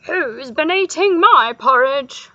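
A woman voicing a mother bear in a storybook reading, howling her lines loudly. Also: sits high, animated, slow, no room sound, muffled recording, voice pushed up, full character voice. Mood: indignant. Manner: howling, loud.

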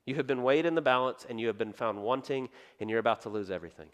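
A man, a pastor, preaching a sermon and telling the story in a lively way, acting out the voices he quotes. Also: mid-range voice, fast.

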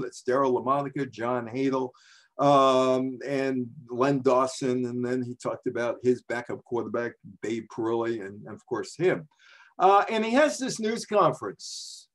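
A man's voice: medium pitch, normal speed. A man in his seventies from the New York area, a journalist telling sports history in a chatty, digressive way. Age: 70s. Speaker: sports journalist giving a talk. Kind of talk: casual storytelling talk.

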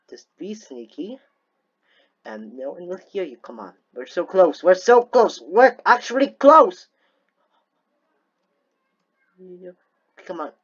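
Excitable woman narrating her gameplay. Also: on the low side, dull audio. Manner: excitable, talks to herself, bursts into playful theatrical gloating. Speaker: gaming video host. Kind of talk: casual gameplay commentary.

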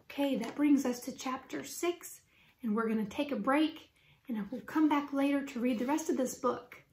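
A woman teacher reading a children's book aloud with lively, expressive storytelling. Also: sits high, moderate pace, a little hiss or hum. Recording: roomy echo.

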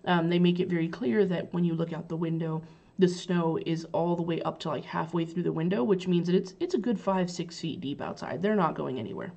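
Low gravelly woman summarizing a play. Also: a little fast, dark tone, highs cut off. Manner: chatty, with many fillers and paraphrased quotes. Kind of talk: casual book summary.

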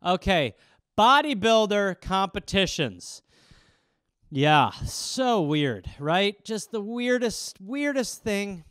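A man's voice: high voice, very animated, slow, a bit bright, clear, resonant tone, dry recording, studio quality. A man hosting a comedy podcast, riffing in a rambling, profane way. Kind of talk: casual comedic monologue.

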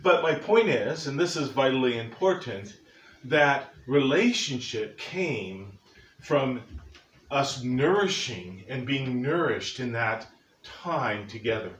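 A man's voice: mid-range voice, animated, takes it slowly, slight background noise. An older man preaching a sermon as pastor, folksy and earnest, with joking asides to the congregation. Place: church sanctuary. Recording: echoey church from far off.

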